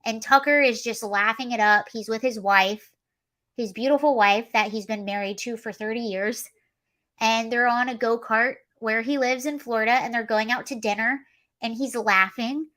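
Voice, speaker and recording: A chatty woman hosting a casual livestream with a slightly high voice. She talks freely and animatedly, riffing on the news and answering viewers as she goes. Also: normal speed. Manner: chatty, animated, reads chat comments aloud. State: allergies, coughing and sneezy. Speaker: livestream host. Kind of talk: casual political commentary livestream.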